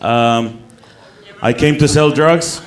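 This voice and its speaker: A man's voice: mid-range voice, takes it slowly, crowd noise. A man with a Mexican accent performing a self-mocking stand-up set on a comedy club stage, stumbling over restarts and laughing at his own jokes.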